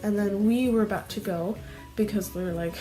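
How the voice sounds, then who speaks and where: A woman vlogger rambles through a casual story, leaning heavily on "like" and fidgeting restlessly as she goes. Her mid-range voice is warm and brisk, with faint music playing behind her.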